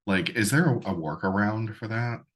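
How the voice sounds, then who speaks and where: A man's voice: lowish voice, moderate pace, fairly bright tone. A man co-hosting a podcast, plain-spoken and openly skeptical in casual chat. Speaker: podcast co-host.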